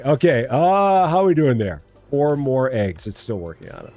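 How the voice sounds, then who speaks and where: A man's voice: medium pitch, sing-song, normal speed, hardly any pauses, warm tone. Guy streaming a farm game, bouncy up-and-down voice, joking with chat, bit of music behind. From Illinois. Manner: playful, chatty, answers chat. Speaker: live-stream gamer host. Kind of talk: casual live-stream chat.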